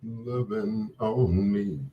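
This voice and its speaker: A middle-aged man hosting a late-night love-song radio show, smooth and joking as he chats between songs. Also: lowish voice, fairly even intonation, drawn-out words, muffled recording, a little hiss or hum. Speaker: radio DJ and host.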